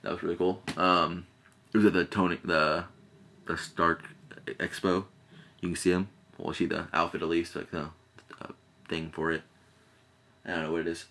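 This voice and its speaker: A man's voice: low-pitched, little pitch movement, normal speed, pauses often, pushed and bright, a little hiss or hum. A man giving a casual, rambling movie review, full of fillers and restarts and often giggling.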